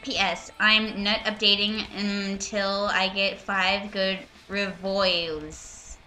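A woman reads a story aloud over a voice call and mocks it as she goes. Her voice is bright and forward, and her delivery is sarcastic and full of swearing. She is at a middle pitch for a woman. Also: flat delivery, slow pace, faint music behind. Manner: sarcastic, swearing, breaks into laughter. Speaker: reader and commentator. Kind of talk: mocking dramatic reading with commentary.

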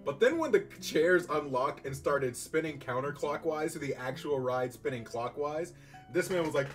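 A young man in college telling a story about his own past in a casual, animated, self-mocking way, swearing freely. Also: on the high side, moderate pace. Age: young adult. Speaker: YouTuber. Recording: distant mic, faint guitar music behind.

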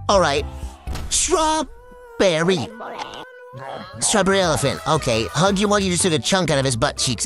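An excitable woman calls out reactions to animated clips as they play. Her voice swings widely from low mutters to high cries, and she breaks into laughter often. Faint music runs quietly behind her. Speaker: reaction video host.

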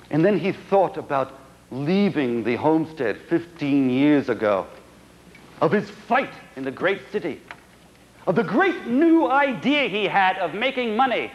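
A man telling a comic melodrama on stage in a theatrical, animated way, on a dull old recording. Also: high voice. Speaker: stage performer. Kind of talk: comic dramatic storytelling on stage.

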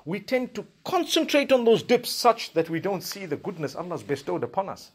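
A man's voice: high voice, big pitch swings, moderate pace, husky. A man giving a Friday sermon, preaching emphatically with rhetorical questions and recited Arabic verses.

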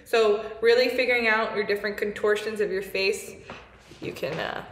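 A woman's voice: mid-range voice, moderate pace, a bit bright, roomy sound. A woman teaching a singing lesson, playful and laughing often as she explains and demonstrates. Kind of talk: music lesson.

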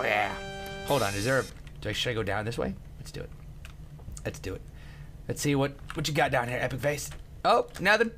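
A man giving casual gameplay commentary, excitable, with sudden yelps, laughs and outbursts. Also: mid-range voice, slight background noise.

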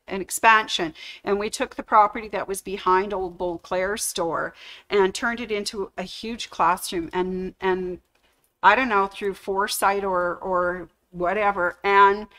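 A woman's voice: medium pitch, bright, forceful tone. A middle-aged woman, a store employee, telling the story of how she got her job during a livestreamed anniversary tribute. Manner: storytelling, acts out quoted dialogue. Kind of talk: emotional anniversary speech. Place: sewing store media room.

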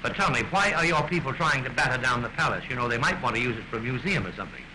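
A man's voice: medium pitch, expressive, rapid-fire, close to an everyday voice. An actor playing a weary, wry middle-aged king of a small nation, speaking in a dry, ironic, understated way, in 1930s film style. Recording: hissy early 1930s film soundtrack.

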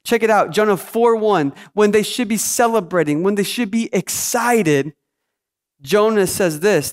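A man's voice: sits high, a little slow. A male pastor preaching a sermon with energy and emphasis, throwing out rhetorical questions to his church.

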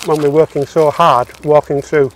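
Joking man with a raised pitch. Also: steady tone, moderate pace, a little hiss or hum. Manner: jokey, playful, laughs at his own jokes. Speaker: co-host of a walking podcast. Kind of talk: casual chat. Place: outdoors among palm trees.

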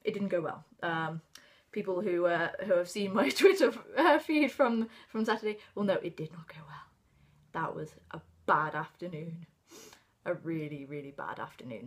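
A woman in her twenties with an English accent, chatting casually about books she bought, rambling and excitable, trailing off into whispers. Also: lowish voice. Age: 20s. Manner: rambling, self-interrupting, excitable; swings into hushed whispers. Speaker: book vlogger. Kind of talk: casual book haul chat.

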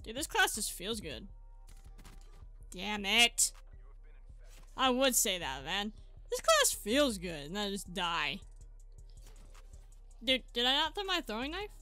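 A woman's voice: mid-range voice, slow pace, pauses often. A woman hosting her gaming channel, giving chatty gameplay commentary and yelping and exclaiming at the action. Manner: excitable, yelps and exclaims mid-game, chatty to viewers. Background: faint background music.

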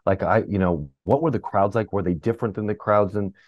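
A man's voice: fairly low pitch, fairly quick, no echo. A man co-hosting a podcast, asking long, hedging questions with many restarts. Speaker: podcast co-host. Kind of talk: casual interview questions. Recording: dry, dull lo-fi mic.

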